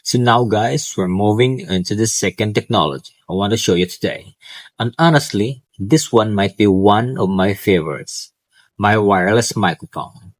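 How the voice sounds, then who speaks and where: With a fairly low voice at a moderate pace, a male student casually and enthusiastically tours his home tech for a vlog, with minor slips and restarts. The clip-on wireless mic picks up no echo.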